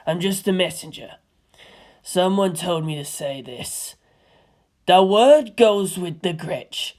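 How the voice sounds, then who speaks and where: A woman's voice: expressive, takes it slowly, darkish tone. A woman doing a muttering nervous teen boy. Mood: placating. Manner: low, muttering. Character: gruff nervous teenage boy.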